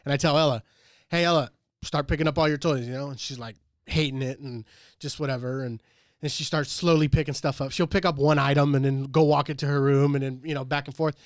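A man's voice: medium pitch, fairly even intonation, quick pace, dry recording, clean studio sound. Earnest swearing dad, a man. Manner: profane, earnest storytelling. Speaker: podcast co-host. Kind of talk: casual chat.

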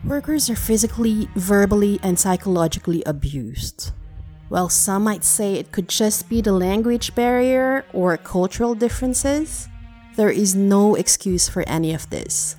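A woman reading scripted documentary narration in a measured, earnest way. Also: mid-range voice, animated, mellow, faint music behind. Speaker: news narrator.

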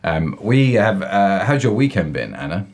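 A man co-hosting an online church service, hoarse and croaky from illness, chatting in a jokey way with lots of fillers and restarts. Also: sing-song, moderate pace. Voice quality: croaky, unusually deep voice. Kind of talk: casual live-stream chat.

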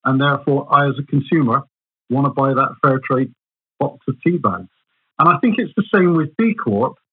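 A man, a business consultant, explaining his points in a measured way through everyday examples. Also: medium pitch, lively intonation, slightly rough. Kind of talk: explaining in a podcast conversation. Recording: tinny phone-like line.

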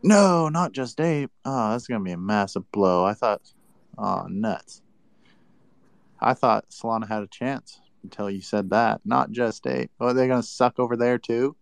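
A man's voice: fairly low pitch, steady tone, a little slow, gravelly, no room sound. A man talking crypto in a casual chat, combative and teasing with mock annoyance. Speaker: crypto commentator.

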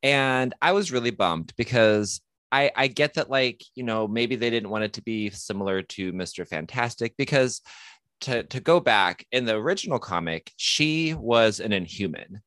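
A man co-hosting a podcast in casual chat, relaxed and halting, often restarting his sentences. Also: medium pitch, no room sound. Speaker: podcast co-host.

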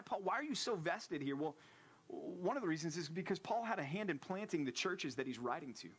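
A male pastor, preaching a sermon and acting out the lines of biblical figures with lively energy. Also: fairly high pitch. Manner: animated, acts out quotes of the disciples and Paul.

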